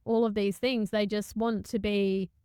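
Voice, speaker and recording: Woman host, smooth resonant voice, reflective spiritual chat, stops and restarts often. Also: mid-range voice, level tone, mellow, no echo, clean studio sound. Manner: halting, searching for words, lots of restarts. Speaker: podcast host. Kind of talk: reflective conversational podcast talk.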